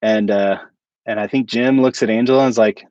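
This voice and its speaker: A man's voice: lowish voice, fairly even intonation, a little fast, darkish tone, no echo, muffled recording. A man hosting a casual livestream and chatting with viewers. He rambles and chuckles at his own jokes. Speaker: channel host.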